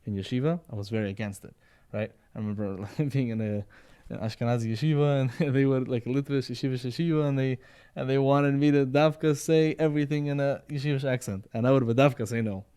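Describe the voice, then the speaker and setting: A man's voice: medium pitch, fast, few pauses, dark tone, smooth. A man in casual podcast conversation, rambling and repeating words, often checking in with "right?" and "you know". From Sephardi background.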